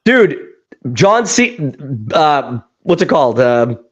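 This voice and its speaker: A man's voice: fairly high pitch, sing-song, slow, dull audio. Laughing, swearing man on a podcast. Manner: laughs often, swears, acts out movie scenes. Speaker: podcast co-host. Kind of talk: casual chat.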